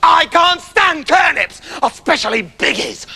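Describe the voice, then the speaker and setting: A man's voice: high-pitched, big pitch swings, moderate pace, creaky, bright, forceful tone, in a large hall, exaggerated voice. A man putting on a stammering, scheming brother. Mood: furious. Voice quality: stammering, wheedling. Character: scheming greedy brother, cowardly and wheedling.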